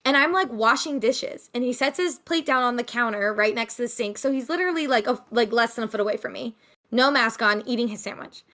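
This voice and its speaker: A young woman co-hosting a podcast tells a casual story about an encounter at a cafe, acting out the dialogue with animation. Her voice is a little high and sharp, and she speaks a little fast.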